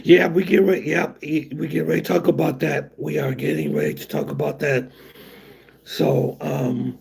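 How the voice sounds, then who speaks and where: Raspy, gravelly-voiced man chatting. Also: on the high side, fairly even intonation, darkish tone. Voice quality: raspy, breathy, weak voice. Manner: rambling, halting, many fillers. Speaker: livestream host reading chat. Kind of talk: casual livestream chat.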